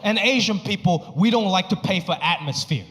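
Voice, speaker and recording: A male stand-up comedian performing a set on a comedy club stage, animated and exaggerated, and he swears freely. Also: sits high, normal speed. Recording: reverberant club with audience noise.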